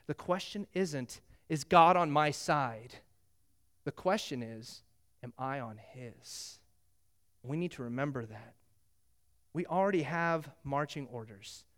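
Animated high-voiced male preacher. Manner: animated storytelling, acting out biblical dialogue. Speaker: pastor. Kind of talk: sermon.

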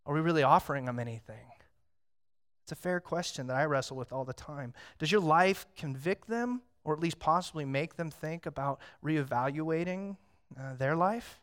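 A man in his thirties delivers a sermon in a casual, conversational way, as if talking with friends. His voice sits a little high for a man. He tells stories and drops to a hush, then rises to loud excitement. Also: normal speed, smooth. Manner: conversational, storytelling, swings from hushed to loud. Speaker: pastor.

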